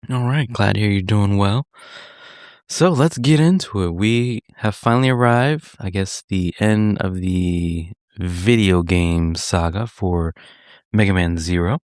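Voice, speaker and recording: A man hosting a gaming podcast in casual chat, laughing often and sometimes slowing into a deep storytelling delivery. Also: darkish tone, no echo, clean studio sound. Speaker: podcast host. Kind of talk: casual podcast chat with dramatic read-aloud.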